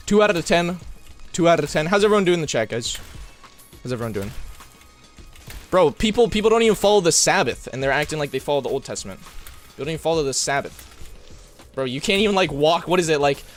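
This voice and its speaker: A young man from New Mexico with an American accent, streaming live and chatting with his viewers, swinging between yelling and talking normally and saying bro a lot. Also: a little high.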